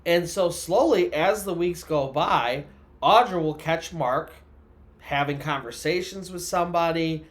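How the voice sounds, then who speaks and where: A man's voice: on the high side, measured pace. A man telling a creepy story in a loose, conversational way, with lots of filler words. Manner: conversational, loose, full of "you know" and "kinda". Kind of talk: casual storytelling narration.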